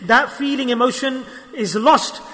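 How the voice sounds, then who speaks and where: A man giving an animated storytelling sermon at a gathering, acting out dialogue and using Arabic religious terms. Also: very high voice, a little slow. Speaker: preacher. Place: gathering hall. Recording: long hall reverb.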